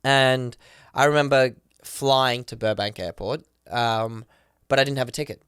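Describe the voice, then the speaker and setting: Male podcast guest, animated storyteller, smooth and clean, close and dry. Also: medium pitch, dry recording. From Australia. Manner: acts out the voices of people he quotes; rapid, excited retelling with many fillers.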